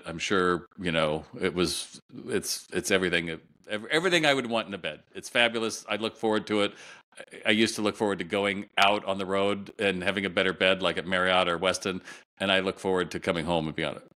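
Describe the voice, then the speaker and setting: A man's voice: deep voice, a little fast, pushed and bright. A middle-aged man, a guest retail consultant, telling a long story in an interview and acting out the voices of the people in it.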